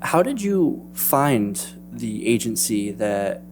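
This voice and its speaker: Man, interviewer, middle pitch, casual chat, easygoing questions, faint music behind. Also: sing-song, slow.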